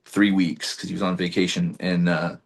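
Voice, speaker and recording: Man, podcast guest, casual storytelling, low voice, animated, swears freely. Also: normal speed, creaky. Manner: animated, swears freely, acts out his own past lines.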